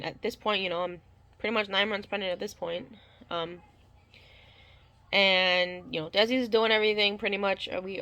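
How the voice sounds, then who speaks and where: A young woman tells a personal story in a loose, rambling way, full of fillers and restarts. Her voice is bright and clear, and she slips into the people she quotes as she goes. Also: medium pitch. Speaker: new mother telling her birth story. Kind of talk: casual storytelling.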